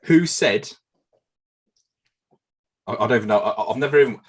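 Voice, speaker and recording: A man co-hosts a casual podcast as quizmaster, reading out quiz questions at a moderate pace in a slightly rough mid-range voice. He swears, jokes, and often repeats himself.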